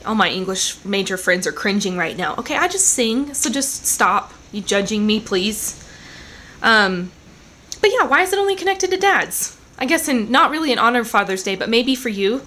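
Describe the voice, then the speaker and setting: A young woman talks casually to her camera from a living room at home. Her voice sits a little high, and she rambles with quick asides. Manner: chatty, rambling, animated with asides. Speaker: vlogger.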